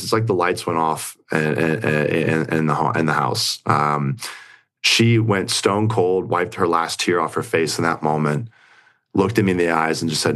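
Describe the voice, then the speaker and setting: Man, very low voice, young adult, rambling story, lots of fillers. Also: a bit bright. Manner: rambling, filler-heavy retelling with acted quotes. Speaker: guest. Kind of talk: casual interview storytelling.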